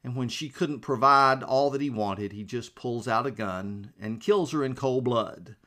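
A man's voice: medium pitch, unhurried, pushed and bright. Chatty male preacher giving a sermon. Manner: conversational, chuckles often, addresses listeners as friends.

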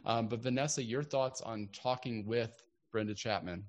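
A man's voice: medium pitch, moderate pace. A man hosting a podcast, wrapping up an interview in an effusive, enthusiastic way. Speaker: podcast host.

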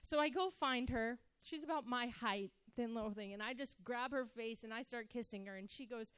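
Dry, clear-voiced woman telling a story. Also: fairly high pitch, normal speed, no room sound. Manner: animated, acts out quoted voices. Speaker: speaker sharing a personal story. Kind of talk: personal storytelling talk.

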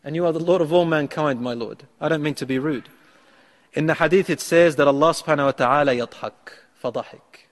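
Male preacher, quick delivery, acts out the story, reverberant hall. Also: a little high. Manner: retells a story, acting out the lines of the man in it. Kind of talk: sermon.

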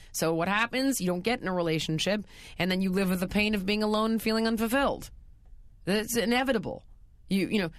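A woman's voice: medium pitch, dry recording. A woman hosting an advice talk show, speaking bluntly and emphatically in casual chat. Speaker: radio advice show host.

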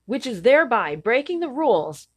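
A woman in her thirties co-hosting a casual chat, blunt and cynical, a little hoarse and often clearing her throat. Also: on the high side, sing-song, normal speed. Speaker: podcast co-host.

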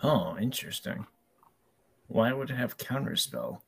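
A man's voice: mid-range voice, sing-song, measured pace, creaky, slight background noise. A man playing a tabletop game, wry and laid-back as he talks. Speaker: player.

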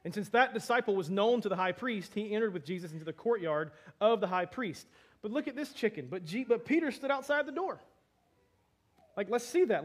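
A man with a high-pitched voice delivers a lively sermon. He talks to the congregation conversationally, acting out the dialogue with humor. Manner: animated, acts out dialogue with laughs and asides. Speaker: pastor.

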